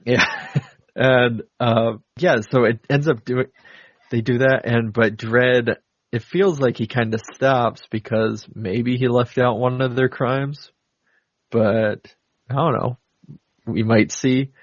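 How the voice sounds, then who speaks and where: Husky-voiced man recapping a movie. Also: mid-range voice, fairly even intonation, takes it slowly, dry recording, lo-fi sound. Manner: rambling, many fillers and laughs. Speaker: podcast co-host. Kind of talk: casual movie recap chat.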